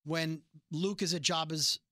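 Podcast host, casual recap chatter, bright voice, dry booth sound. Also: mid-range voice, measured pace, no room sound. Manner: animated retelling, acts out quoted lines.

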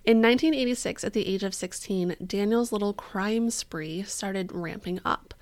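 A woman's voice: medium pitch, normal speed, darkish tone. A woman co-hosting a podcast, telling a true-crime story in casual chat, swearing freely and acting out the people she quotes. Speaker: podcast co-host.

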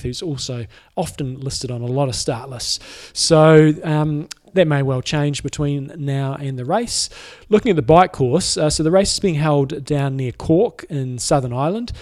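A man's voice: a little high, a little mellow. A man co-hosting a sports podcast, talking casually and rambling with fillers and restarts. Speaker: podcast co-host. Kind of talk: casual chat.

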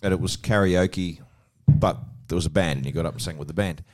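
Very deep-voiced Australian man telling stories. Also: brisk, faint music behind. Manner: storytelling, animated, breaks into sung lines. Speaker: radio host. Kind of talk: casual chat.

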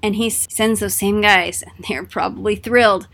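A woman casually retelling an old story in a playful, lively way. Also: medium pitch, moderate pace, gravelly.

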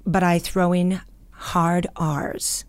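A woman with an Australian accent chats as a guest, telling stories and acting out the quotes as she goes. Her voice sits fairly low, and the sound is dry and close, with no room echo around it. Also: extremely slow. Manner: animated storyteller, acts out quotes. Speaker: guest voice actor. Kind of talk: casual interview chat. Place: small home recording closet.

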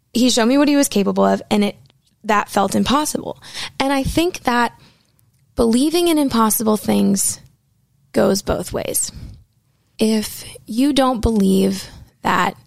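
A woman's voice: medium pitch, gravelly, darkish tone, dry recording. A woman in her twenties telling a candid, profane personal story and acting out the quotes.

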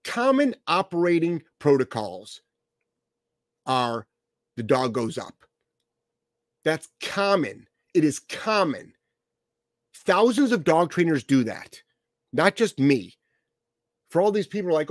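A man's voice: on the high side, sing-song, slow pace, long pauses, dry recording, studio quality. A man hosting a podcast as a dog trainer, answering listener questions in a blunt, emphatic, profane way.

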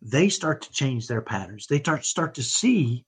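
A man's voice: medium pitch, very animated, unhurried, slightly rough. A middle-aged man giving an earnest, motivational parenting talk as a podcast guest, often checking in with "right?". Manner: earnest, tags points with "right?".

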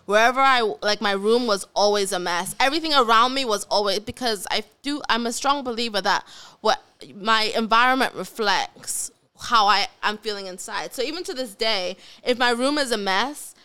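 Young woman, bright tone, smooth clear voice, candid animated podcast chat. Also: on the high side, normal speed. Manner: candid, animated, laughs often. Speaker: podcast co-host. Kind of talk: casual chat, reading a listener letter.

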